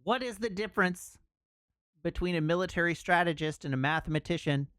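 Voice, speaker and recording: This man's voice sits a little high and moves a little fast, with a clean, fairly bright tone. He's casually chatting and dropping corny puns while he streams a video game from his home setup into a desk mic, captured in clean studio sound with no echo.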